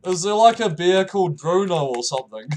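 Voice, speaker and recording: With big swings in pitch at a normal speed, a young man from New Zealand chats on a live stream and reads viewers' messages against a noisy background. Frequent laughter, stumbling restarts, and abrupt high-pitched exclamations mark his delivery.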